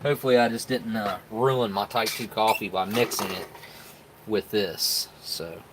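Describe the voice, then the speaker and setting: Tasting military rations on a live stream, this man mixes food and drinks while keeping up a folksy, easygoing conversation with his audience. He speaks at a normal pace in a low, steady voice, with background noise audible.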